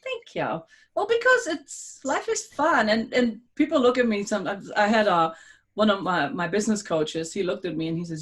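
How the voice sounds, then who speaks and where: A woman's voice: mid-range voice, very animated, moderate pace. A woman guest in a casual chat, straightforward and blunt, laughing a lot.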